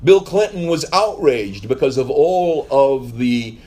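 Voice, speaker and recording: A man's voice: medium pitch, expressive, slow, mellow. A male pastor giving a conversational sermon, telling stories in a rambling way with wry asides.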